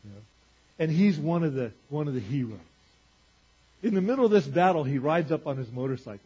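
A male pastor preaching a sermon to a congregation, talking conversationally with rhetorical questions and swinging from loud to quiet. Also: on the high side, lively intonation, a little fast, husky. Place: church. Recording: dull lo-fi church recording.

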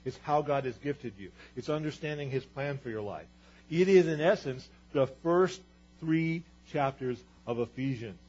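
A man's voice: fairly high pitch, normal speed, a little mellow, husky. A man preaching a sermon as pastor, earnest and building to emphatic repeated declarations. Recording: dull, lo-fi sermon recording.

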